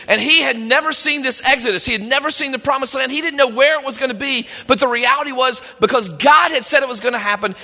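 A pastor with an extremely high, sharp-toned voice preaches a sermon in a large room with a long echo. He retells scripture, giving the quoted voices emphatic delivery.

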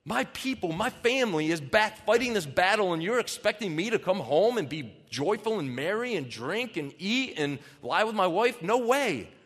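Loyal soldier played by a man, indignant, firm refusal, raised pitch, echoing hall. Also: big pitch swings, moderate pace, few pauses, fairly bright tone, full character voice. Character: noble loyal soldier, adult man, steadfast. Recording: long reverb in a large hall.

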